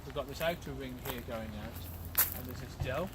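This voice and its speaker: Brummie guy showing folks round, chatty with lots of ums, mid-pitch, traffic noise behind. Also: moderate pace. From Birmingham, England. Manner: chatty, explanatory, with fillers. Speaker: tour guide. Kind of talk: casual guided walking tour. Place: outdoors and indoors on a large country estate.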